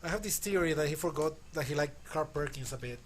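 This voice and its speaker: Spanish accented guy on a talk show, kinda high voice, talks in thoughtful trailing bits. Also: fast, a crowd in the background. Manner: thoughtful, hedging, explains with trailing "you know". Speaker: co-host and musician. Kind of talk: casual chat.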